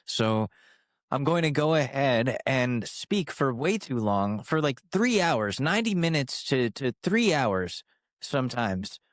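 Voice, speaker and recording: A man in his twenties hosts his own podcast in a casual solo monologue, sarcastic, rambling, and profane, recorded on a compressed studio microphone. His medium-pitched voice swings widely in pitch and runs a little slow, with no room sound.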